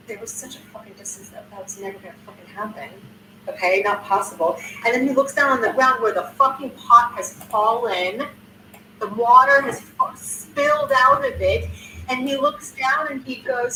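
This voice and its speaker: A woman's voice: a little high, very animated, normal speed, background noise. Older woman, indignant casual recap, cursing, roomy sound, a bit distant from the mic. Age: 60s. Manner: indignant, swearing, restarting sentences. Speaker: content creator. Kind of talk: casual recap of a news video.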